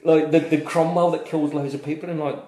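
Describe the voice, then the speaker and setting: A man's voice: a little high, flat delivery, quick pace, dark tone, a little hiss or hum. Guy doing a live beer review stream, bantering and telling stories, roomy echo. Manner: chatty, storytelling, exasperated bantering. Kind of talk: live-streamed casual chat.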